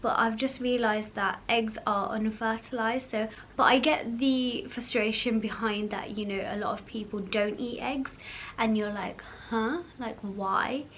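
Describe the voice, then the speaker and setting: A young woman chatting casually to camera as a vlog host, full of fillers and quick laughs. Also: on the high side, steady tone, fairly bright tone, slight background noise.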